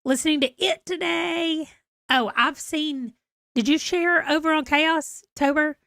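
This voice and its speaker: A woman's voice: sits high, measured pace, fairly bright tone, no room sound, clean studio sound. A middle-aged woman with a Southern US accent, chatting casually as she hosts a livestream and laughs at herself. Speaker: livestream host.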